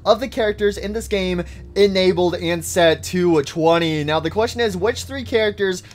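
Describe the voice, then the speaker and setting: A man giving excitable live commentary as he plays a horror game, talking straight to the characters. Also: high voice, normal speed. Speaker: gaming YouTuber. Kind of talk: live let's-play commentary.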